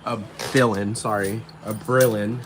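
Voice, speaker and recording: A man's voice: on the low side, fairly even intonation, measured pace, background noise. A young man ranting in a vlog, swearing a lot and sounding exasperated, sometimes mimicking people mockingly.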